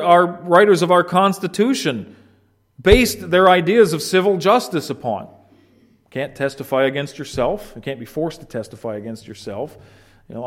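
A man preaching an expository sermon, earnest and emphatic, often restarting phrases. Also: mid-range voice. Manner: earnest, emphatic teaching with restarts and rising stress. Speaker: pastor.

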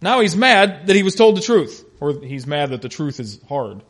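A man with a fairly high voice teaching a Bible study class. He is animated and full of questions, and he adds touches of humor as he walks through the passage. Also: normal speed. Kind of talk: interactive Bible lesson.

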